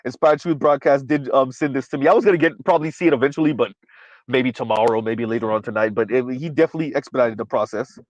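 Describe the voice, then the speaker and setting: A man's voice: medium pitch, fast, no room sound, low-quality recording. A man from the United States, hosting a livestream commentary and reading out chat, emphatic and asking "right?" again and again. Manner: emphatic, repeats "right?" often. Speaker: commentary channel host.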